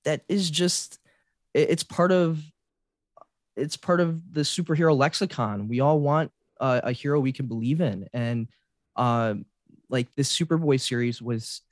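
On a podcast, a man in his forties who created a fan site tells a story eagerly in casual conversation. His medium-pitched voice is unhurried, the sound is studio quality with no echo, and he restarts his sentences often in his excitement.

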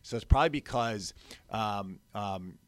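A young man co-hosting a radio talk show in a studio, talking casually with an energetic, teasing manner on a mic with no windscreen. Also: lowish voice, a little slow, dry recording. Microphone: studio microphone without windscreen.

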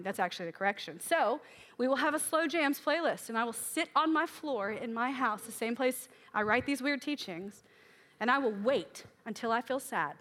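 A woman's voice: fairly high pitch, lively intonation, normal speed, a bit bright. A woman preaching a sermon in a candid, emotional way, acting out her own prayers aloud and sounding tired from crying.

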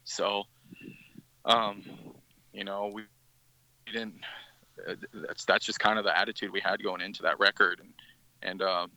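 Guy on a podcast, lowish bright voice, rambling story with lots of restarts, dry sound. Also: little pitch movement, unhurried, long pauses, no echo, poor audio. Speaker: musician guest. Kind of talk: casual podcast interview.

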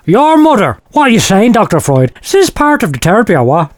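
A man's voice: high voice, huge pitch swings, fairly quick, no echo. An actor playing an erratic, foul-mouthed man who hears voices, rambling and swearing in a comic audio drama. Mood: agitated.

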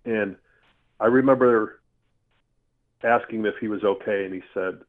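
Man, lowish voice, earthy and animated storyteller, heard over a tinny phone line. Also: moderate pace. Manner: earthy, animated, with mild swearing. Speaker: storyteller guest. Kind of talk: casual spoken storytelling.

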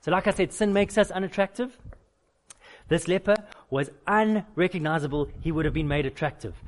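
A man with a somewhat high voice preaching a Sunday sermon. He tells candid personal stories and drives points home with emphatic, repeated lists. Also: a little fast. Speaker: pastor.

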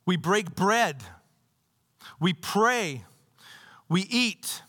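A man's voice: sits high, animated, extremely slow, sharp tone. A male pastor preaching a sermon in a church. He talks conversationally, reads scripture aloud, and adds playful asides. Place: church sanctuary. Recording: long hall reverb.

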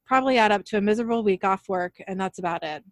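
A woman co-hosting a podcast, casually retelling an episode scene by scene and reading the dialogue aloud in a plain, even way. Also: mid-range voice, rapid-fire, dry recording, clean studio sound. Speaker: podcast co-host recapping an episode.

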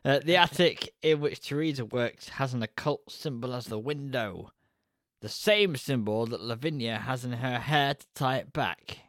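A man's voice: medium pitch, normal speed, a bit bright, dry recording, clean studio sound. Wry man podcasting. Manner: joking, wry. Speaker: podcast co-host. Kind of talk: casual chat.

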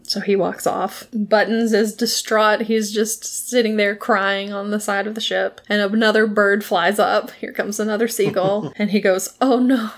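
A woman casually recapping a TV episode, laughing often and acting out the characters' lines in quick bursts. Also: mid-range voice, level tone.

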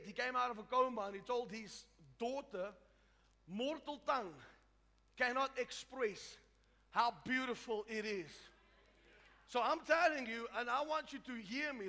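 A man preaching a sermon as a pastor, building to loud shouts and call-and-response with the congregation. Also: high voice, big-room sound. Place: church.

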